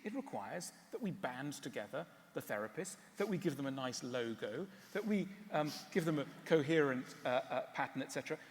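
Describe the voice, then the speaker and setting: A man giving a public talk and answering questions, wry and animated, often stopping on fillers. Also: mid-range voice, fairly quick, hardly any pauses, long reverb tail. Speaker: speaker. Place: large hall.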